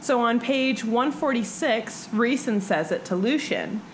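A young adult woman hosting a podcast, chatting casually about a book, animated and full of swearing and "like". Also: a little high, measured pace, slight background noise, low-quality recording. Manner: animated, swears freely, lots of "like". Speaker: podcast host.

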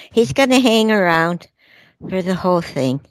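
A woman's voice: medium pitch, animated, dry recording. A woman hosting a spiritual radio talk show, speaking in a soothing, reassuring way as she passes on messages. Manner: soothing, reassuring, drawn-out phrasing.

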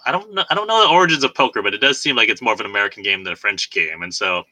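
A man's voice: on the low side, animated, very fast, sharp tone, no room sound, poor audio. A man co-hosting a podcast in casual film review chat, chatty and self-deprecating, laughing often. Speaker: podcast co-host.

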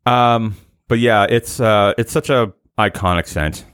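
A man's voice: on the low side, unhurried, a bit bright, clean tone, no room sound, studio quality. A man hosting a podcast, chatting casually and rambling with fillers. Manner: laid-back, rambling with fillers. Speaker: podcast host.

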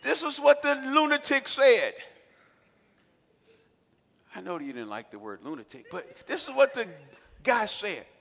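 A high-voiced male pastor preaches with a bright, gravelly edge, swinging from quiet asides to shouted calls. His voice rings with long reverb through a large church sanctuary. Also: sing-song, measured pace, long pauses. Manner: acts out quotes with repetition and filler sounds. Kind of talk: sermon.

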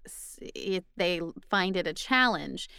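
A woman's voice: on the low side, expressive, slow pace, gravelly, crowd noise. A woman in a casual chat, giving emphatic opinions. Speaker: guest.

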